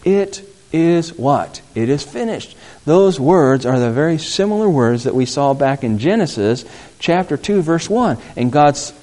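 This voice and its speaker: Man preaching a lively sermon. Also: on the high side, unhurried. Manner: preaching with acted-out Bible dialogue and call-and-response questions. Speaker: pastor.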